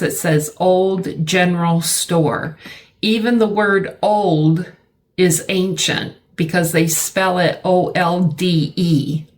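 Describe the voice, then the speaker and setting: A middle-aged woman teaching a vocabulary lesson, slow and deliberate, repeating words for her learners. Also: fairly low pitch.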